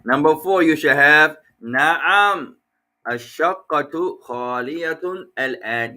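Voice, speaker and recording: A man's voice: mid-range voice, normal speed, pushed and bright. A man teaching an online class, who praises his students and repeats and explains each point patiently. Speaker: language teacher.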